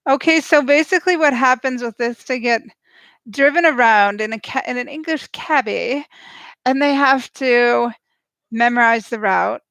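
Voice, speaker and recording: A woman giving snarky, excitable live reaction commentary as she watches a show and cheers at the screen. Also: fairly high pitch, moderate pace, no echo. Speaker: show recap host.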